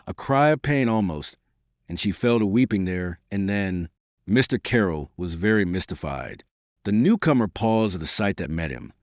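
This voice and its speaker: A man reading a historical novel aloud in an expressive, theatrical manner. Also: on the low side, no echo, clean studio sound. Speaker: audiobook narrator. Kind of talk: scripted narration.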